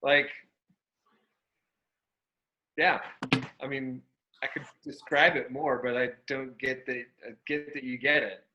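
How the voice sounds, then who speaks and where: A man's voice: mid-range voice, steady tone, takes it slowly, long pauses, muffled recording. A man facilitating a live workshop class in a room, loose and playful, breaking into whoops. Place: room with an audience.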